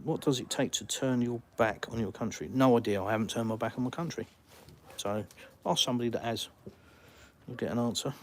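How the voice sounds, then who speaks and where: A man's voice: mid-range voice, a little hiss or hum. A man from the UK with an English accent, hosting a live stream from a village and answering chat questions with blunt, dry sarcasm. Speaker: livestream host. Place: outdoors in a village.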